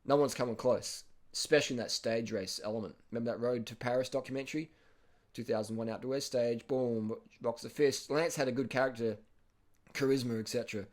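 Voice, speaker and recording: An Australian man casually commenting over race footage, blunt and excitable, swearing and repeating himself. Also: medium pitch, a little fast. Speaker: cycling video host.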